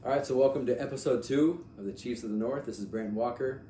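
A man hosting a casual sports podcast, talking in an animated way with many fillers and repeats. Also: mid-range voice, fast. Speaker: podcast host. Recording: echoey room, mic at a distance, faint noise.

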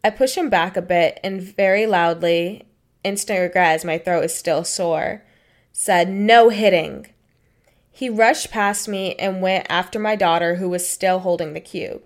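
With a lowish voice, fairly even intonation, and a moderate pace, a young woman co-hosts a podcast. She reads stories aloud and chats bluntly and matter-of-factly, swearing casually.

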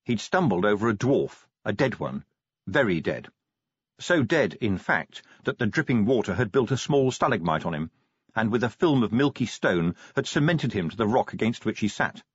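Husky man narrating an audiobook dramatically. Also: fairly low pitch, normal speed, no room sound. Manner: expressive, dramatic storytelling. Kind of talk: audiobook narration of a comic fantasy novel. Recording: dull, dry, lo-fi audiobook recording.

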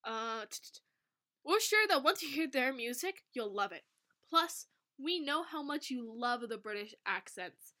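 A young woman co-hosting a podcast, reading a fan fiction aloud with lots of laughter and over-the-top excitement. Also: high-pitched, moderate pace. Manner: animated, laughs often, reads story lines with exaggerated excitement. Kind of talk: casual chat and dramatic reading.

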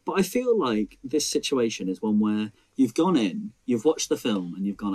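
A man's voice: fairly low pitch, very animated, moderate pace, few pauses, a little mellow. A young man co-hosting a casual film debate podcast, who acts out scenes in mocking voices. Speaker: podcast co-host.

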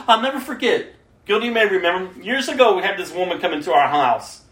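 Woman preacher, lively swooping pitch, drawn out emphatic delivery, echoey room. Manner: slow, emphatic, acts out quoted prayers. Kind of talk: sermon. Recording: roomy echo.

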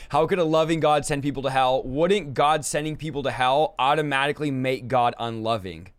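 A man's voice: mid-range voice, moderate pace, hardly any pauses, smooth, no room sound. A man hosting a live-stream interview, speaking emphatically like a preacher and turning to address his viewers directly. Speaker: host.

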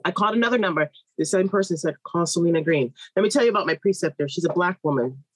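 A woman in her thirties tells a long personal story in an interview, slipping into other people's voices as she goes. Her voice is slightly husky, and the sound is close and dry with no room around it. She speaks as a midwife. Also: lowish voice, fast, dry recording, poor audio. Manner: lively, animated storytelling with quoted voices.

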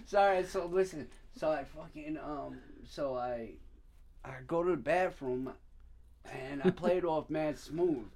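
A man hosting a podcast, telling a crude story in a loose, animated way, swearing freely and laughing at himself. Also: on the high side, unhurried, a little hiss or hum. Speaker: podcast host. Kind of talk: casual chat, storytelling.

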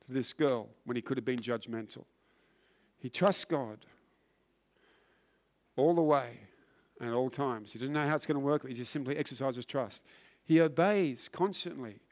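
A man preaching a sermon, earnest and emphatic, often restarting words and swinging from loud to hushed. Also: medium pitch. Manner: frequent word restarts.

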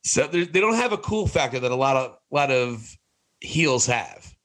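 A man co-hosting a wrestling review podcast, talking casually and opinionatedly. His voice is bright and forward, with a very lively, swinging pitch. He breaks into laughs and quick exasperated asides. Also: low-quality recording. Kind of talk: casual chat.

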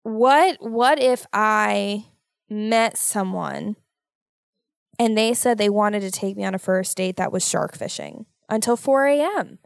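A woman hosting a casual solo podcast, talking in an animated, worried, motherly way and exaggerating her fears. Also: mid-range voice, unhurried, vocal fry, no echo, clean studio sound. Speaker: podcast host.

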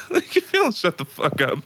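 A man's voice: extremely high pitch, bright, forceful tone. A man co-hosting a casual comedy podcast, laughing often and swearing freely as he retells stories. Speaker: podcast co-host.

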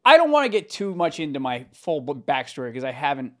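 Animated young man, lively voice. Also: a little high, quick pace. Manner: animated, teasing, swings loud and soft. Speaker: podcast co-host. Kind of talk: casual chat.

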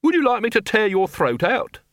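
A man voicing a huge male werewolf who speaks evenly and deliberately, with quiet menace. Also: high-pitched, dry recording, studio quality, pitched above the performer's own voice. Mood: menacing calm. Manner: even, deliberate threats.

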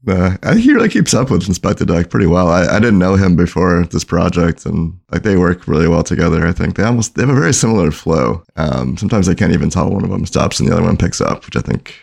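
A man with a very deep, gravelly voice co-hosts a casual music podcast. He speaks in a laid-back way and fills his sentences with "like.". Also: big pitch swings, fast talker, few pauses, a little mellow. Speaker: podcast co-host.

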